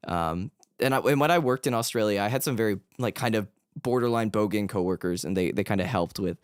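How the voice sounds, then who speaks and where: A woman's voice: a bass voice, very animated, moderate pace, no echo, studio quality. A woman hosting her stream in a casual chat, laughing often and slipping into jokey Australian slang. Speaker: streamer host.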